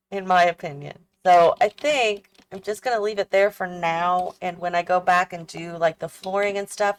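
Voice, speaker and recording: A woman with a lowish voice hosts a gaming channel, sounding tired and yawning as she builds a house in a game. She chats casually, thinking aloud and second-guessing her choices, with slight background noise in the recording.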